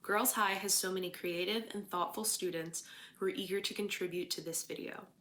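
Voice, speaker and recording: A woman with a Philadelphia accent, an English teacher, giving a formal, measured welcome to a school assembly and reciting a poem. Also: medium pitch, steady tone, sharp tone.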